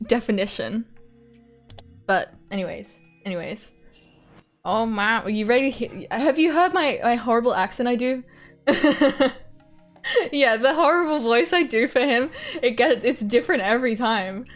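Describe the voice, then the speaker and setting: A woman's voice: fairly high pitch, lively intonation, a little slow, long pauses, faint music behind. A woman streamer giving giggly, casual and profane commentary while reading through a visual novel.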